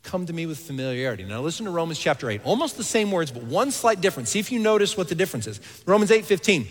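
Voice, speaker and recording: A man's voice: a little high, fast, hardly any pauses. Man preaching with hall reverb. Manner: earnest, animated preaching, dropping to quiet intensity. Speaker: pastor. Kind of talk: sermon.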